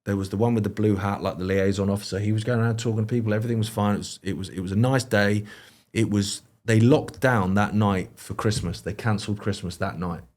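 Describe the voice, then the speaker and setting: A British man with a lowish voice talks as a guest in a relaxed podcast chat. He rambles through anecdotes, circling back with fillers and restarts. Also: fast talker, few pauses. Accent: British English. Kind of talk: casual conversational chat.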